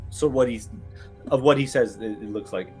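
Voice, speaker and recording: A man narrating a tabletop game as its game master, in a halting way full of restarts. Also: medium pitch, mellow, faint music behind.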